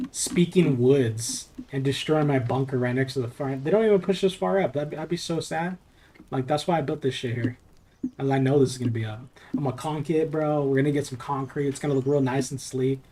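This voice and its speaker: A man's voice: mid-range voice, warm tone, a little hiss or hum. A young man from Southern California streaming a game, chatting casually in a loose, profane, rambling way. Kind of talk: casual live-stream chat while playing.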